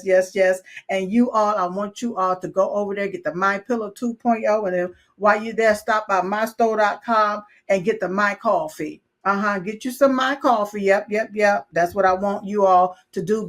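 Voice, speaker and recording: A woman hosting a live talk show, energetic and repetitive, full of "yes, yes" and "you all.". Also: medium pitch. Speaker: show host. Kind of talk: live talk show opening and sponsor reads.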